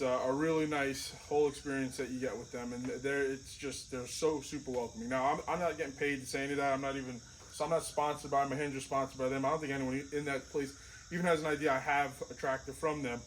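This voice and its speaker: A man's voice: medium pitch, slight background noise, rough recording. A man casually vlogging outdoors beside his tractor. He talks in a rambling, chatty, self-deprecating way. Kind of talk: casual show-and-tell vlog.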